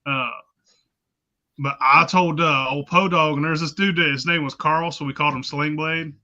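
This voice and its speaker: A man's voice: on the high side, fairly even intonation, normal speed, pushed and bright. A man telling crude, laughing stories in a casual podcast chat, heard through dull lo-fi sound. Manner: profane, laughing storyteller. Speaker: podcast participant.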